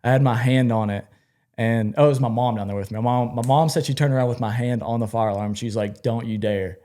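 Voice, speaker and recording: A man co-hosting a podcast, telling a childhood story in an animated, laughing way. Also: mid-range voice, fast. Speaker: podcast co-host. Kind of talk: casual storytelling.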